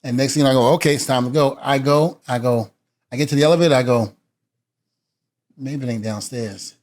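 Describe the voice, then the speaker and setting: A man's voice: mid-range voice, fairly even intonation, fast talker, darkish tone. A middle-aged man, a former wrestler, telling a story as a guest and acting out what each person said, with laughs in between. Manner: acts out quotes with shifting voices and laughs. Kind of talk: animated storytelling.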